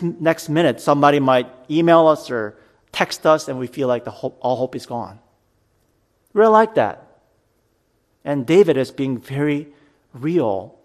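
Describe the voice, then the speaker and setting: A man preaching a sermon to his church, earnest, reading scripture dramatically and talking it through plainly. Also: a little high. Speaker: pastor.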